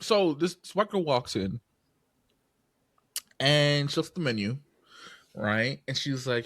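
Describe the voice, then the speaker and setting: A man, co-hosting a podcast, telling a story with swearing and rising to yelling. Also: on the high side, lively intonation, unhurried, long pauses, dry recording, clean studio sound. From New York area. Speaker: podcast co-host. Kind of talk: casual podcast chat.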